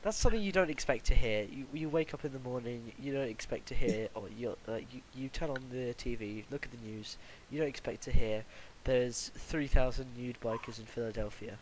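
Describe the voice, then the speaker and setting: A man's voice: medium pitch, fairly quick, hardly any pauses, noisy background. Rambling young man hosting a podcast. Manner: rambling, laughs often. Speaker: podcast host. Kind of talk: casual chat.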